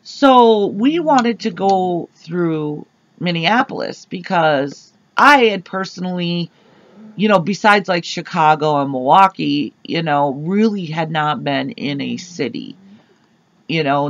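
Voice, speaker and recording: A woman co-hosting a podcast, telling an animated, rambling story full of fillers on a dull lo-fi recording. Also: sits low, measured pace, dry recording. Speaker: podcast co-host. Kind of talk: casual storytelling chat. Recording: dull lo-fi sound.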